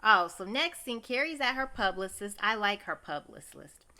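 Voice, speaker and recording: A woman's voice: medium pitch, sing-song, moderate pace, sharp tone. A woman recapping a TV episode in a chatty, gossipy way, exclaiming often and talking straight to her viewers. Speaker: TV recap host.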